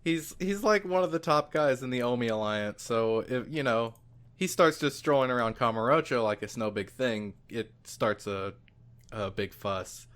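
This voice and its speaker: A man's voice: medium pitch, normal speed, fairly bright tone. A man co-hosting a casual podcast, talking loosely with many fillers and trailing off mid-sentence. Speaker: podcast co-host. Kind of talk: casual chat.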